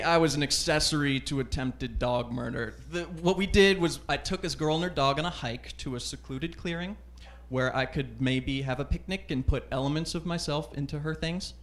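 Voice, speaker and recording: Self-deprecating stand-up comic, man. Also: a little high. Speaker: stand-up comedian. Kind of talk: stand-up routine. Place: comedy club stage.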